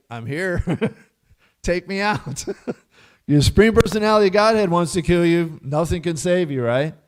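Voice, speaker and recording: A man's voice: high-pitched, a little mellow. A man giving a casual scripture class in a temple hall, chatty and laughing often as he quizzes his listeners.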